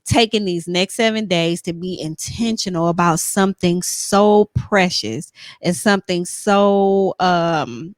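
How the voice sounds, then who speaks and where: A woman's voice: lowish voice, unhurried, dry recording, studio quality. A woman hosting a podcast in casual chat, talking earnestly and encouragingly and often checking in with "you know what I'm saying.". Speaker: podcast host.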